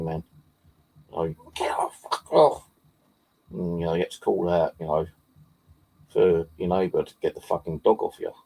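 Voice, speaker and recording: Deep, gravelly and husky, this low, dark-toned male voice belongs to a paranormal vlogger from Bexley in southeast London. He rambles casually through a story, cursing a lot and leaning on fillers.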